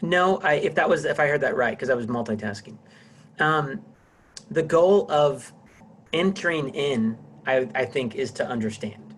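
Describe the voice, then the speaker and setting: A middle-aged man teaching a casual class over a video call, rambling with many restarts. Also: mid-range voice. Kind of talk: casual online class lecture.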